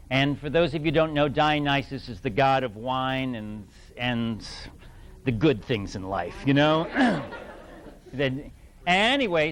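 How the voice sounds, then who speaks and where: A middle-aged man from New England telling an anecdote to a fan audience, animated and laughing, with many restarts. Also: medium pitch, slight background noise. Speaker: guest actor at fan event. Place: event hall with audience.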